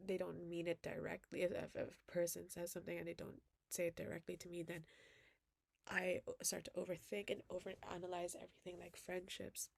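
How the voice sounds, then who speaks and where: Rambling, reflective young woman with a gravelly voice. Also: lowish voice, no room sound. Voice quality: emotional, soft-spoken. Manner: rambling, reflective, many "like" fillers. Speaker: vlogger. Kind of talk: personal video diary. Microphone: built-in computer webcam mic.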